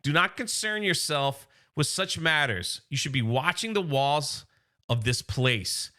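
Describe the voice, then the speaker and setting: A man voicing a cold, domineering male robot overlord in a comic recap, speaking slowly and with contempt. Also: on the high side, lively intonation, bright, forceful tone. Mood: contemptuous.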